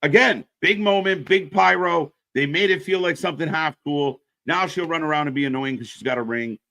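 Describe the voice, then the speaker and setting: A man's voice: fairly high pitch, fairly quick, creaky, bright, forceful tone, no echo. A man co-hosting a wrestling live stream, in casual, profane chat that reacts to the action and answers viewers.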